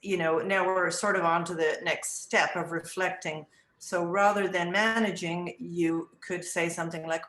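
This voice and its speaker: A middle-aged woman in an interview, reflecting on teaching children in a thoughtful way, often restarting her sentences and acting out gentle phrases she would say to a child. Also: lowish voice, fairly even intonation, moderate pace. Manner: acts out gentle words to children. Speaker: early childhood education director. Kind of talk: interview answers. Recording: roomy echo.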